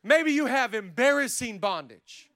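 A man preaching a sermon as pastor, talking casually and then building to shouted lines. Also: lively intonation, a little slow. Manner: acts out quoted voices with sudden pitch jumps.

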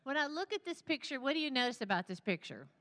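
A woman's voice: high voice, very animated, quick pace, a bit bright. Earnest woman therapist speaking in church. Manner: earnest, tearful, conversational. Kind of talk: sermon talk. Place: large church sanctuary. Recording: long hall reverb.

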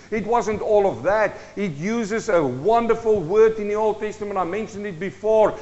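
High-voiced South African preacher. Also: male voice, in a large hall, dull audio. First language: Afrikaans. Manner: emphatic, preaching with rhetorical questions and slow, stressed repetition. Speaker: pastor. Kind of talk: sermon. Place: church. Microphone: handheld or stand microphone.

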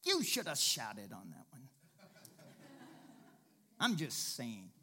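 A male preacher delivering a sermon in a folksy, conversational way, building to loud, emphatic exhortation. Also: mid-range voice, huge pitch swings, slow, breathy edge. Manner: emphatic, rising to shouted exhortation.

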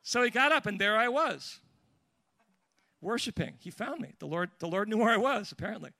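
Man, preacher, high voice, bright tone, lively storytelling sermon, dry close sound. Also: normal speed, vocal fry, no echo. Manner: lively anecdotal telling with restarts and asides.

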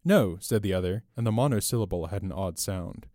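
Male narrator, low register, dry close sound, measured storytelling. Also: mellow, no room sound. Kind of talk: scripted audiobook narration.

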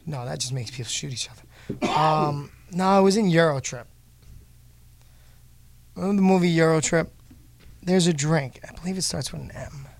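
A man's voice: fairly high pitch, moderate pace, vocal fry, pauses often. Teasing man hosting a chat show. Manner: teasing, joking. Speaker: podcast host. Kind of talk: casual chat.

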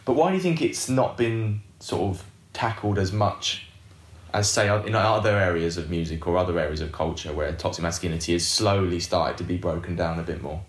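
Male podcast host: low voice, easygoing prompts, echoey room. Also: fairly quick. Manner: relaxed, prompting with short agreements. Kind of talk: casual interview chat.

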